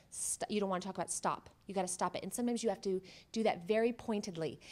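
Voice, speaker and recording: Animated woman therapist giving a workshop talk. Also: fast talker, hardly any pauses. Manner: animated, acting out quoted remarks with jumps in pitch and loudness; conversational, with direct questions to the audience. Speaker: cancer psychotherapist. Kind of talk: workshop presentation to an audience.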